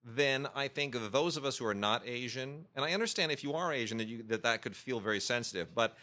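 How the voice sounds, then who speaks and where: A man's voice: mid-range voice, lively intonation, a little fast, bright, forceful tone. A man co-hosting a podcast, thinking aloud and often restarting his sentences. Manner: thoughtful, searching for words, many restarts. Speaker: podcast co-host. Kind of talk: casual chat.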